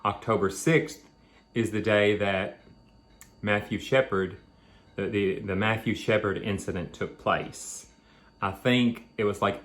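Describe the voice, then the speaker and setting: A man's voice: deep voice, a bit bright. A man hosting a home video, chatting casually and rambling between bites of food. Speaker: vlog host. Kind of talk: casual chat while eating.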